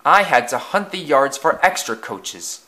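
A man's voice: on the high side, big pitch swings, unhurried, bright, forceful tone, voice pushed up, heavily acted. A man voicing a small, busy male tank engine in a storybook reading, curt and huffy. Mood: brusque. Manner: brusque, huffy.

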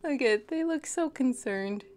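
A woman's voice: high voice, animated, unhurried, darkish tone. A young woman reading a children's book aloud, chatting with her listeners between pages. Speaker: storytime reader.

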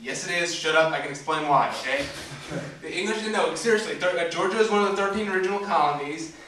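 A young man with a light Southern twang rambles through a stand-up set, brash and loaded with fillers. His voice runs bright and a little high. It comes from a distance and booms around an echoey club with faint noise behind. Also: fast talker. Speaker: stand-up comedian. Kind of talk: open-mic stand-up. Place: comedy club stage. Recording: echoey club heard from afar.

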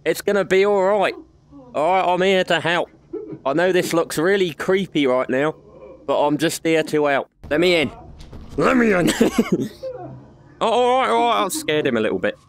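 A man's voice: a little high, animated, moderate pace. A young man giving crude, joking commentary while playing a VR horror game. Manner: joking, crude banter, frequent laughs. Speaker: gaming video host. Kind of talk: comic let's-play commentary.

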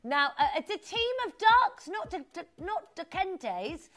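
A woman's voice: very high-pitched, big pitch swings, a little slow, a bit bright. A woman presenting a live TV shopping show, gushing and exclamatory as she chats with viewers while selling jewelry.

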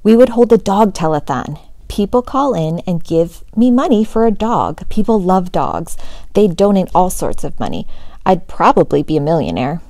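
A woman's voice: fairly low pitch, sing-song, normal speed, dark tone, dry recording. A woman reading the lines of an eager, showy boy who wants to be a magician in a storybook.

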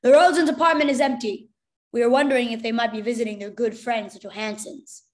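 A woman's voice: a little high, fairly even intonation, fast talker, natural voice. A woman reading aloud, voicing a harsh adult male officer who barks cold, demanding orders.

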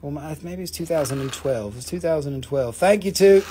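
A man's voice: a little high, expressive, a little fast, warm tone, slight background noise. A man hosting a live stream that sells rocks, chatting in a profane, rambling way and laughing often. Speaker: host of a live rock sale. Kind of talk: live-stream sales chat.

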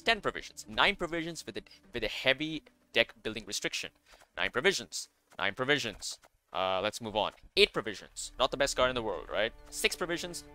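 A man's voice: on the low side, sharp tone. A man commenting casually on a card game, enthusiastic and rambling, with many fillers and self-corrections. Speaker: card game content creator.

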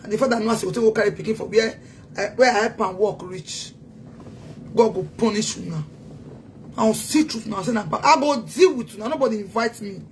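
A woman's voice: medium pitch, fairly quick, a little hiss or hum. A woman with a Nigerian accent delivering a heated, taunting social media rant as a self-styled activist. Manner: taunting, scolding, emphatic.

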